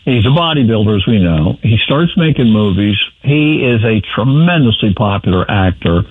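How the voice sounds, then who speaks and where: A man's voice: on the low side, animated, moderate pace, breathy edge. A man giving blunt, wry political commentary on a talk radio show. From New York. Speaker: guest commentator. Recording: tinny phone line.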